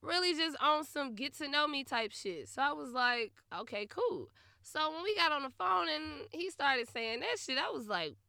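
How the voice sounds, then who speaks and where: A young adult woman hosting her own podcast, telling a story in a blunt, profane, laughing way that swings from muttering to loud outbursts. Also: high voice, expressive, normal speed, creaky, hardly any pauses, no room sound, clean studio sound. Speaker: podcast host. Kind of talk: casual storytelling monologue.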